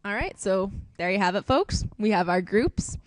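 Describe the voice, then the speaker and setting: A woman's voice: mid-range voice, expressive, moderate pace. A young woman presenting a sports group draw in a casual, chatty way, laughing often between team names. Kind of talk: casual live announcing.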